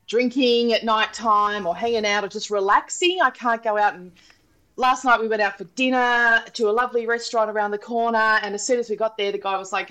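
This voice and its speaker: Aussie woman chatting on a podcast, middle-aged, super animated, keeps putting on voices and laughing. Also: mid-range voice, poor audio. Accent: Australian. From Australia. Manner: animated storyteller, acts out voices, laughs often. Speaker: podcast co-host. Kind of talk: casual chat. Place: holiday abode abroad.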